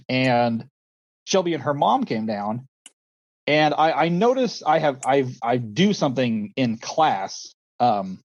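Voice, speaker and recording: A man's voice: medium pitch, darkish tone, lo-fi sound. Rambling young man telling stories. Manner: rambling with many fillers, acts out quoted voices. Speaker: podcast co-host, schoolteacher and coach. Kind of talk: casual storytelling chat.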